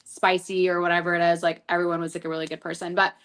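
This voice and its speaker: A woman's voice: lowish voice, level tone, very fast, fairly bright tone. A young woman guesting on an interview podcast, chatting casually as a reality TV contestant, rambling with lots of "like". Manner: rambling, filler-heavy storytelling with lots of "like".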